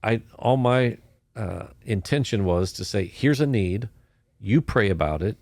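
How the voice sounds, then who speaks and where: Low-voiced man talking about faith. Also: expressive, a little slow, a little mellow, no echo, clean studio sound. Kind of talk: casual conversation.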